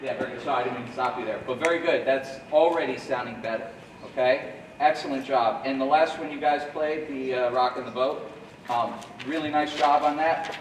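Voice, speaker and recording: A man's voice: mid-range voice, brisk. Man, jazz band coach, scats rhythms, counts off, roomy hall, distant mic, noisy background. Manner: scats rhythms to demonstrate phrasing. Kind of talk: rehearsal coaching. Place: school rehearsal room or auditorium. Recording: echoey room, heard from afar, noisy.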